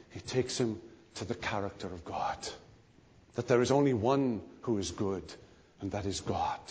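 A male preacher delivers his sermon with a lively, swooping voice and a husky edge. His emphasis climbs and falls. His words ring out with a long reverb, as in a large hall. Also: medium pitch. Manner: animated, emphatic preaching with rising and falling emphasis.

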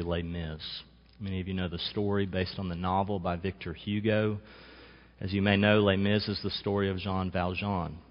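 A man preaching a sermon in a measured, emphatic way, slowing down to stress key phrases. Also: fairly low pitch, big-room sound, dull audio. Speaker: pastor.

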